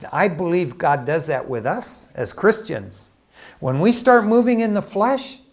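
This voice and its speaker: A man preaching a sermon in an animated, emphatic way, swinging between loud bursts and hushed asides. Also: mid-range voice.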